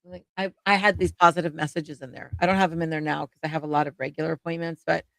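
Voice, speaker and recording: Gravelly woman co-host, emphatic. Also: low voice, flat delivery, fast, a bit bright, no echo. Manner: emphatic, repeats her points. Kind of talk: casual podcast chat.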